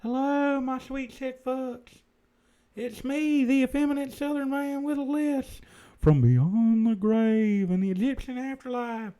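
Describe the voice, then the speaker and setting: A man voicing the ghost of an effeminate Southern man with a lisp, talking in a soft drawl during a comic livestream. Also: very high voice, measured pace, clear, resonant tone, voice pushed up. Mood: chatty.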